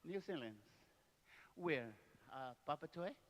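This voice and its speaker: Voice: medium pitch, lively intonation, normal speed. A speaker who chats playfully with a child in broken English, teasing and laughing often. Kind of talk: playful casual chat.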